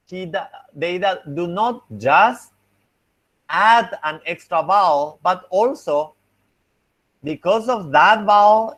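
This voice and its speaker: Slow-speaking male linguistics teacher. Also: high voice, a bit bright. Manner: patient, explanatory, thinks aloud. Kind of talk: online class feedback lecture.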